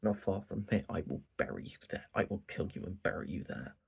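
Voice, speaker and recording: A man voicing an obsessive teenage schoolgirl kidnapper, using a low, threatening delivery. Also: animated, fairly quick, vocal fry, darkish tone, slightly rough, full character voice. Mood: menacing.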